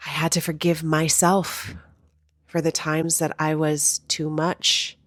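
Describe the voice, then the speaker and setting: A podcast host with a low-pitched voice tells her own story in a candid, unfiltered way, swearing freely. The recording is dry and close, with no room sound. She is a woman speaking from raw personal experience. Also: level tone, slow pace, a bit bright, no echo. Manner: candid, profane, emotionally raw.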